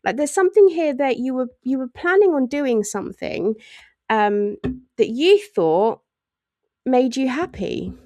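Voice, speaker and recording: A woman's voice: high-pitched, lively intonation, a little slow, mellow, no room sound. Chatty woman reading tarot. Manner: chatty, laughs often, acts out voices in asides. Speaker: tarot reader.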